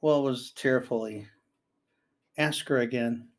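An older man, a grandfather, gives casual spoken commentary at length, rambling as he reads news aloud and reacts to it. He also offers earnest advice to parents. His voice is mid-range with fairly even intonation and a moderate pace.

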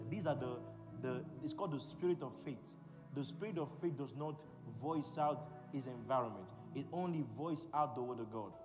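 Preacher with a rising, forceful delivery. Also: male voice, a little high. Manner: forceful, repetitive call-and-response preaching. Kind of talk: sermon. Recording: long hall reverb with music. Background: music.

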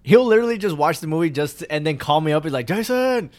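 A man's voice: on the high side, animated, racing. A young man co-hosting a podcast, telling stories in a laid-back, swearing casual chat. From Mexico. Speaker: podcast co-host.

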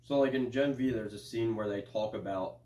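A man's voice: fairly low pitch, brisk, darkish tone. A young man on a casual chat show, telling anecdotes, acting out quotes and swearing often. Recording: echoey room, mic far off.

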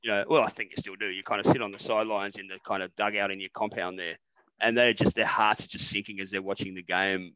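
An Australian man co-hosting a satirical podcast, rambling and animated, swearing freely in casual banter. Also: on the low side, quick pace, smooth, no room sound, rough recording. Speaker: podcast co-host.

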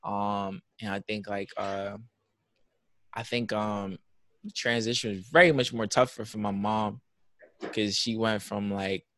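Laid-back young man, low voice. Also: fairly even intonation, measured pace, fairly bright tone, dry recording. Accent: New York. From Jamaica. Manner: rambling, full of "like" fillers. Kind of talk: casual chat.

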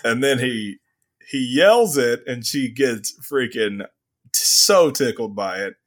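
A man co-hosting a casual comic book review podcast, animated, laughing often and acting out characters' lines. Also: mid-range voice, slow. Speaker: podcast co-host.

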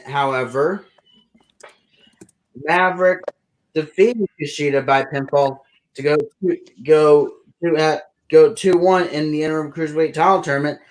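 A man's voice: fairly high pitch, a bit bright, rough recording. A man co-hosting a casual podcast, running through match results in a loose, filler-heavy way. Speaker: podcast co-host.

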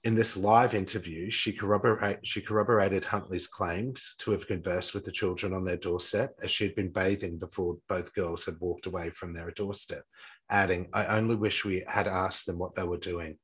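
A man's voice: low voice, fairly even intonation, moderate pace, fairly bright tone, slightly rough, low-quality recording. A man retelling a true crime case from notes in casual talk, stumbling and restarting often. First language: not English-accented, says his English accent is poor.

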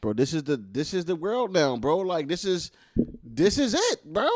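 Lively, emphatic man with a profane edge. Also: a little high, moderate pace, dry recording, studio quality. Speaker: podcast co-host. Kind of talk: casual chat.

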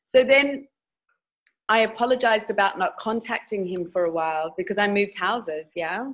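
A woman's voice: mid-range voice, normal speed, rough recording. A woman speaking as a sex educator guest in a candid podcast interview, frank and emphatic as she tells stories.

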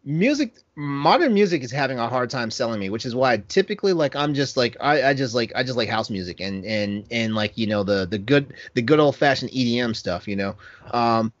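A man's voice: medium pitch, animated, fairly quick, dry recording, dull audio. A man chatting casually, hesitant and full of restarts, laughing easily. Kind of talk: casual podcast chat.

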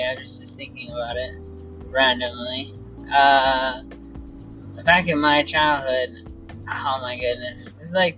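A podcast host telling childhood stories in a casual, animated way, laughing often and loudly acting out quoted lines. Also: mid-range voice, lo-fi sound. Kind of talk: casual storytelling.

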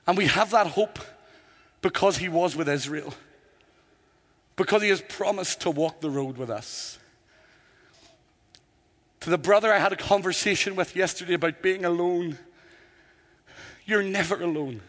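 A man's voice: high voice, a bit bright. A man preaching a sermon with impassioned delivery, building to emphatic, repeated declarations. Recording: long hall reverb.

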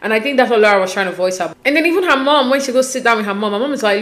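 A woman giving a casual, opinionated recap of a reality show, slipping quoted lines into her talk. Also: fairly high pitch. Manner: animated, quotes people in quick asides. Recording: echoey room.

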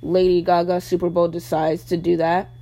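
A young woman co-hosting a casual chat, talking in an animated, slangy way and slipping into mock voices. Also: on the low side, moderate pace. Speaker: podcast co-host.

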